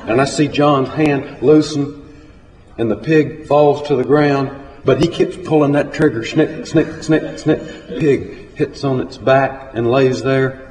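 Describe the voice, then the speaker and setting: A man telling a story aloud to a live audience in a plain, unhurried way. Recorded in a hall. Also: mid-range voice, a little mellow, a little hiss or hum. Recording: echoey hall, faint ambience.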